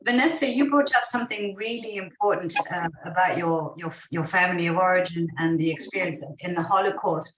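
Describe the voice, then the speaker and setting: Woman guest, measured and reassuring, off-mic in an echoey room. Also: on the low side, fairly bright tone, a little hiss or hum. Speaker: guest medical intuitive. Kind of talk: calm explanatory talk. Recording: roomy, distant from the mic.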